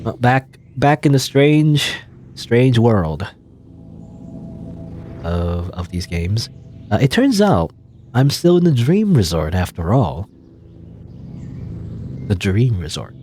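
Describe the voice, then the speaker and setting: Rambling let's play guy with lively pitch. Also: unhurried, long pauses, soft background music. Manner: rambling, hesitant, many fillers and restarts. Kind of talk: casual gameplay commentary, reading game text aloud.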